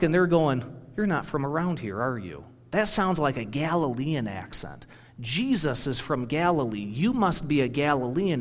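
A middle-aged man, a pastor, giving a sermon in a conversational, storytelling way with personal anecdotes. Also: on the high side. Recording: reverberant hall.

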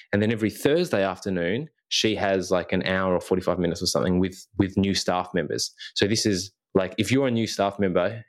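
A young man chatting casually on a podcast, recounting a school visit with lots of restarts and acted-out snippets of dialogue. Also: deep voice. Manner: rambling with frequent restarts and self-corrections; acts out remembered dialogue. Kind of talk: casual chat.

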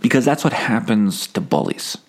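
A man hosting a comedy podcast, telling a rambling, deadpan monologue full of self-corrections and dark punchlines. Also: on the low side, normal speed. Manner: escalates mundane stories into dark punchlines. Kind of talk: absurdist comic monologue.

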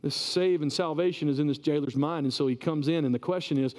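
A male pastor giving a sermon in a conversational, animated way, often repeating words as he goes. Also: fairly high pitch, fast. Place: church. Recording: reverberant church hall.

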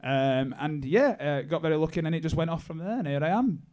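A man's voice: on the high side, expressive, fast talker, darkish tone. A young man with a northern English accent, a singer chatting casually and laughing at himself. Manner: laughing, self-mocking banter. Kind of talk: casual chat.

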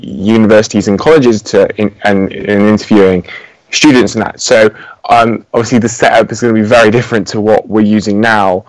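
A man speaking hesitantly in a casual podcast chat, with soft laughs. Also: lowish voice, fairly even intonation, brisk, no room sound, poor audio. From United Kingdom. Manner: hesitant, many fillers and restarts, soft laughs. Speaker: podcast guest.

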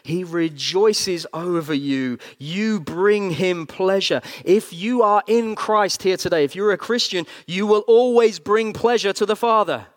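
A man preaching a sermon in an earnest, heartfelt way. His voice sits a little higher than most men's. He slows down to stress key phrases, then surges with energy. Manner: earnest, with slow emphatic phrases and sudden bursts of energy. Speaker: pastor.

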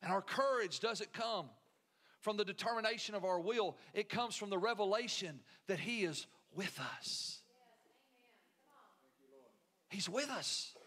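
A man preaching a sermon as pastor in a church, rising to emphatic peaks and dropping to hushed lines. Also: extremely high pitch. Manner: preaching with swelling intensity and hushed drops. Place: church sanctuary.

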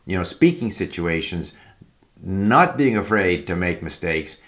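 A man's voice: deep voice, animated, a little slow, fairly bright tone. A man giving casual, rambling spoken advice about language learning, with frequent fillers and restarts. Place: home in Palm Springs.

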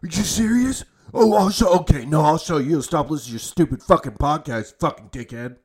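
A man voicing an angry, indignant male college sports fan who sputters with shrill outrage. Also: animated, brisk, darkish tone, slightly rough. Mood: outraged.

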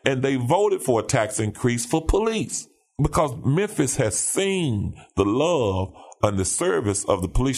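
A man, a pastor and police officer, talking in an emphatic preaching cadence, repeating phrases and checking in with "all right?". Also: medium pitch. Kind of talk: conversational commentary with preaching cadence.

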